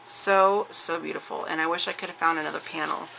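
A woman's voice: deep voice, steady tone, a little fast, gravelly, pushed and bright. A woman with a scratchy voice, chatting casually to the camera as she shows off a craft haul at home, rambling with lots of fillers and restarts. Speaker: craft vlogger showing a haul.

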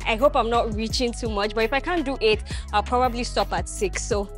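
A woman's voice: a little high, fairly quick, soft background music. A young woman vlogging her workout in a gym, coaching viewers with energy as she demonstrates the exercises. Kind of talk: instructional workout vlog.

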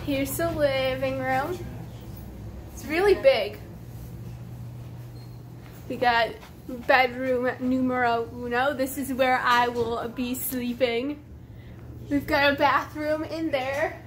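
High-voiced chatty woman vlogging. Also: steady tone, takes it slowly, pauses often, a little hiss or hum. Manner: chatty and upbeat, self-deprecating. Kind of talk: casual travel vlog. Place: hotel suite and outdoors.

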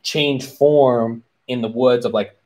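A man chatting on a live stream, loose and laid-back, stumbling through explanations with lots of fillers. His voice sits at an ordinary middle pitch. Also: steady tone, slow pace, darkish tone. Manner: laid-back, rambling talker with many fillers. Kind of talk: casual live-stream chat.

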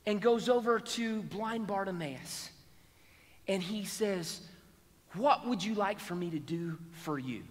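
A man's voice: high voice, in a large hall. A man preaching a sermon, telling a Bible story and acting out its people's voices. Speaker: pastor. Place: church sanctuary.

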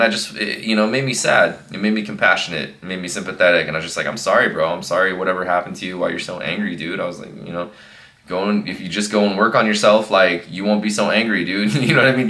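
A fitness coach gives a casual motivational talk in a low, bright, forceful voice. He speaks earnestly and rambles, restarting sentences and filling pauses as he goes.

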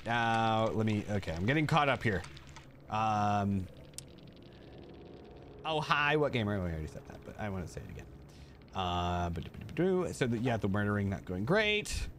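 A man's voice: big pitch swings, normal speed, long pauses, a bit bright, a little hiss or hum. A man hosting a live stream, chatting casually and rambling as he reads and answers his chat. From United States. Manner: chatty and rambling, jumping up high when thanking viewers.

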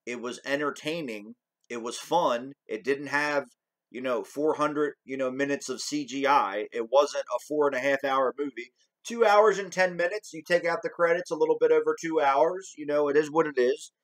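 A man's voice: mid-range voice, fairly even intonation, normal speed, low-quality recording. Man ranting with heated profanity. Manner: heated, profane, repetitive rant. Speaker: commentary channel host. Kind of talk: ranting commentary.

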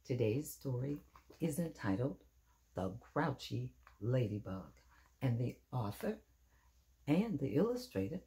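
Older woman, storybook reader for kids, gentle and very animated. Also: a bass voice, gravelly. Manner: gentle, lively and expressive, pausing to point at pictures. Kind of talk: reading a picture book aloud to children.

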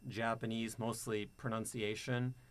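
A man guests on a relaxed live stream. He speaks thoughtfully and hedges often as he explains things. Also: medium pitch, measured pace. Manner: thoughtful, hedging with "like, you know". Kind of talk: casual live-stream chat.

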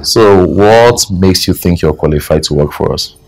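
A man playing a curt, deep-voiced employer. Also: normal speed, creaky, soft background music, poor audio. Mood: formal. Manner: formal, curt questions. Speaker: employer interviewing domestic staff.

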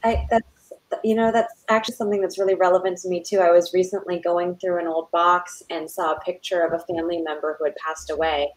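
Woman host, 30s, kinda low voice, excited and personal. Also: fast talker, poor audio. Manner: enthusiastic, warm and personal. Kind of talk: conversational interview.

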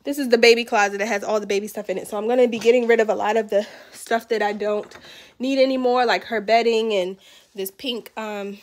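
A woman's voice: fairly high pitch, steady tone, brisk. A tired, pregnant woman in her thirties chatting casually at home for her vlog, rambling with fillers. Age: 30s. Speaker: vlogger. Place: home, indoors.

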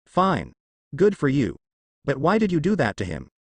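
A man reading the lines of a brash, loud teenage ninja boy in a fan fiction, with a lively, dry delivery. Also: on the high side, normal speed, slightly rough, dry recording, exaggerated voice. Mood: surprised. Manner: shouting, defiant.

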